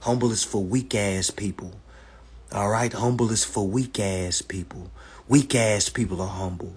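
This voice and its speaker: Male livestream host, husky, blunt and profane, lecture-style. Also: fairly low pitch, unhurried, a little mellow. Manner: blunt, profane and lecturing, repeats "all right". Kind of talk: casual livestream talk. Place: indoors, livestream.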